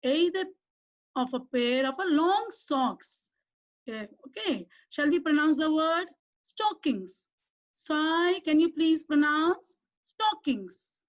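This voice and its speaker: In an online class for young children, a woman with an Indian English accent teaches primary English in a high voice at a slow pace. She prompts the kids with questions and asks them to say words back to her. The recording quality is dull and lo-fi.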